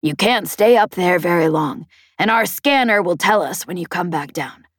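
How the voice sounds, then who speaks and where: A woman voicing a loud, blustery older woman who captains a band of raiders, shouting high over the comm. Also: expressive, moderate pace, no echo, clean studio sound. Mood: warning.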